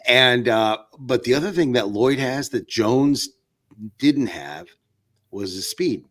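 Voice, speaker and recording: A man talks as a guest on a sports podcast, his voice sitting at an everyday middle pitch. He rambles casually, stopping and restarting his sentences and filling the gaps with ums and you-knows. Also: animated, takes it slowly, fairly bright tone. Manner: rambling, many fillers and restarts.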